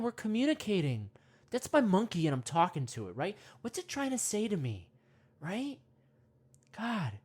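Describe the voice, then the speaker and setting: A man's voice: high-pitched, slightly rough. Rambling man guiding a mock meditation. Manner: rambling, full of "you know" and "right?"; drops to hushed whispers at times. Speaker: meditation guide. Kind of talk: parody guided meditation.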